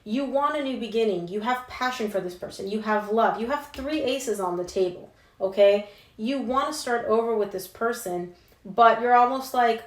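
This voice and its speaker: A woman's voice: a little high, normal speed. A young adult woman giving a casual tarot reading, talking emphatically and slangily straight to her viewers. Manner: chatty and emphatic, slangy asides. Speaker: tarot reader. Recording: roomy echo.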